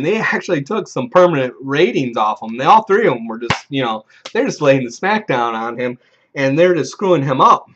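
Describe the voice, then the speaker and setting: A man's voice: a little high, fairly bright tone. A man hosting a video, casually telling a rambling, profane story from a tabletop game and acting out the players he quotes. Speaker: video host. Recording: dull lo-fi recording.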